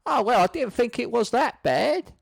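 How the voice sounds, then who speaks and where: Man doing a slow-witted servant, earnest, simple, high voice. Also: expressive, vocal fry, dry recording, heavily acted. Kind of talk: screenplay read-through.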